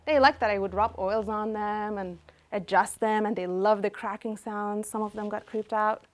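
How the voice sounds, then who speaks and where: A woman chiropractor in her thirties telling a personal story with animated delivery, acting out what people said. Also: mid-range voice, normal speed. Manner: animated, acts out quotes.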